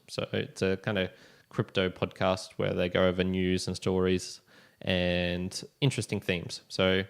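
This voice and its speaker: A man's voice: low-pitched, flat delivery, a little slow, creaky, smooth. A young man hosting a solo podcast, talking casually and rambling with frequent restarts and chuckles. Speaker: podcast host.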